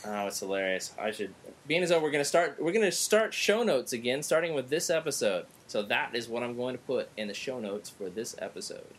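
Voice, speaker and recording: A man from Southern California hosting a podcast in casual chat, rambling and halting with many restarts. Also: mid-range voice, sing-song, slight background noise. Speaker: podcast host.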